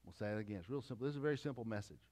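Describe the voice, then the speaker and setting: A man's voice: lowish voice, animated, very fast, darkish tone. A middle-aged pastor preaching a conversational sermon with repeated phrases and asides to his congregation.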